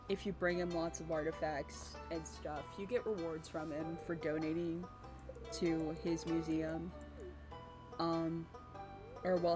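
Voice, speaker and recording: A woman chatting casually and rambling while playing a farming game. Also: on the low side. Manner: rambling, lots of fillers and restarts. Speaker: gamer.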